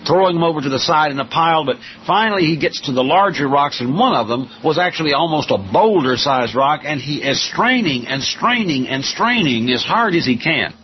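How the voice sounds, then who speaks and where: A man preaching a sermon slowly and emphatically, with dramatic pauses. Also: on the high side, animated, lo-fi sound, a little hiss or hum.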